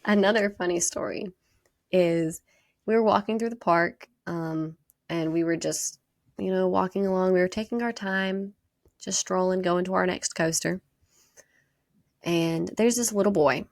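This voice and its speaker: Woman, southern accent, podcast host, gravelly fry, dry close sound, chatty storytelling. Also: fairly low pitch, dry recording. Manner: chatty, animated retelling with quick quoted voices. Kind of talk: casual storytelling monologue.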